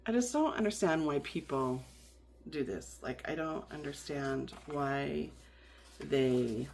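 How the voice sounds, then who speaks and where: A woman's voice: low-pitched, slow pace, gravelly, darkish tone, a little hiss or hum. A woman vlogger chatting in a rambling way with lots of fillers and restarts while she decorates her planner. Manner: rambling, many fillers and restarts, laughs often.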